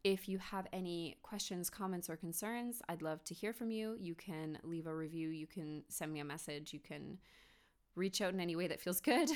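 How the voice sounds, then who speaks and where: A woman hosting a solo motivational podcast from her home office, speaking earnestly and encouragingly, with many rhetorical questions. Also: fairly low pitch. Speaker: podcast host.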